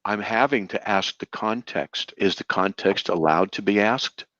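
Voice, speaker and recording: A man's voice: lowish voice, measured pace, a bit bright, no echo, dull audio. A man debating heatedly, cutting in and repeating his words to hold the floor. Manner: interrupting, repeats words insistently. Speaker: debater, radio show host.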